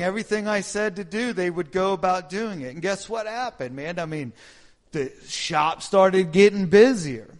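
A man sharing a personal testimony in a sermon, earnest and animated, asking the listeners call-and-response questions. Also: moderate pace. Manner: drops to a low hushed voice when praying. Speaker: lay preacher sharing testimony.

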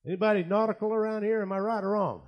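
A man preaching a sermon, telling stories and acting out the people in them, with quiet asides and loud bursts of prayer. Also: high voice, fairly even intonation, quick pace, dull audio. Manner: storytelling, voices quoted people, swings from quiet asides to loud shouted prayer. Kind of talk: sermon with acted anecdotes.

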